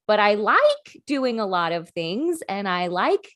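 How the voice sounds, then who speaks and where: A woman's voice: medium pitch, very animated, slow, fairly bright tone, no room sound, clean studio sound. A woman co-hosting a business podcast, speaking candidly and with self-deprecating humor. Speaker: podcast co-host, COO. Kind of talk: casual business chat.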